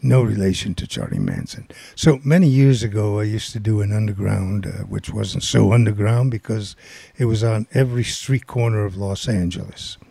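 A lowish, creaky voice with a breathy edge comes through a dry recording at normal speed. It belongs to an older man spinning a long, rambling anecdote in casual chat, lively in acting out the quoted voices of its characters.

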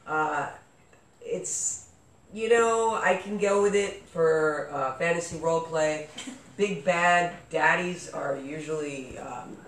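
A man's voice: fairly high pitch, slow, a bit bright. A man hosting a casual podcast chat, rambling with lots of fillers and restarts. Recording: echoey room with faint noise.

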